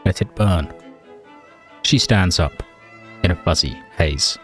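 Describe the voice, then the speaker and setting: A man's voice: sits low, slow pace, a bit bright, soft background music. A man narrating his game playthrough as a mock-tragic story, with dry humour. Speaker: let's play host.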